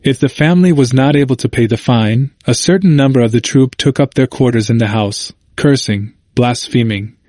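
A man's voice: mid-range voice, normal speed, few pauses, darkish tone, no room sound. Man reading history in a dry room. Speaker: narrator. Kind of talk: scripted narration of a history book.

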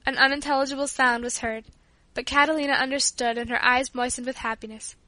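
Bright-voiced woman reading an audiobook. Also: high voice, steady tone, a little fast, no echo. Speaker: audiobook narrator.

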